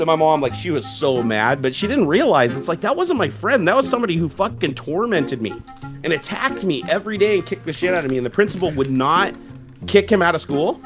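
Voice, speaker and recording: A man tells a rowdy childhood story on a live stream, swearing freely and breaking into laughter. His voice sits a bit high. Music plays clearly in the background. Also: fast. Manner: profane, laughing, animated storyteller. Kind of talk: casual storytelling chat.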